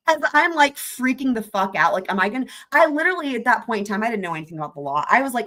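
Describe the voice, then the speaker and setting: A woman's voice: a little high, lively intonation, quick pace, fairly bright tone. A young adult woman hosting a livestream, telling a story in casual chat, laughing often and swearing freely. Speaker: livestream host.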